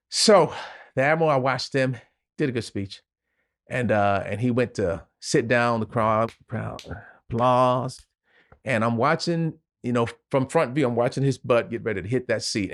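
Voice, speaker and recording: Guesting on a podcast, a retired Navy officer from Louisiana, USA shares a personal experience with emotion and sincerity, his vivid telling marked by pauses. The recording is dry and studio quality, his voice mid-range.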